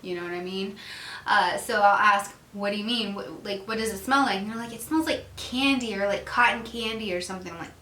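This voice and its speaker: A chatty woman vlogger talks through her products in a relaxed, giggly way. Her voice is bright and crisp. The room around her is echoey. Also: medium pitch, a little fast, slight background noise. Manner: chatty, giggly, acts out little dialogues. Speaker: beauty vlogger. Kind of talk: casual product review chat.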